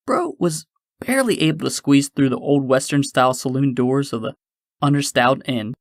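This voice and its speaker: A man's voice: mid-range voice, no echo. Dry, close-miked male audiobook narrator. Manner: measured storytelling, shifting into character voices.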